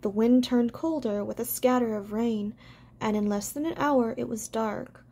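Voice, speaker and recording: A woman's voice: a little high, steady tone, normal speed. Woman reading a storybook aloud. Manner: gentle, unpolished reading with small stumbles. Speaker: amateur audiobook reader. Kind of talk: audiobook narration.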